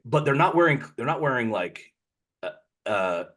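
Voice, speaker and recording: A man's voice: medium pitch, expressive, moderate pace, fairly bright tone. A man co-hosting a podcast, telling a long personal story in a casual, rambling way and often correcting himself mid-sentence. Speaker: podcast co-host.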